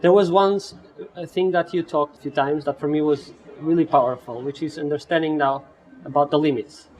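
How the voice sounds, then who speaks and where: Give me a man with a fairly high voice hosting a relaxed interview. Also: a little fast, dull audio. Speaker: podcast host. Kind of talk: casual interview.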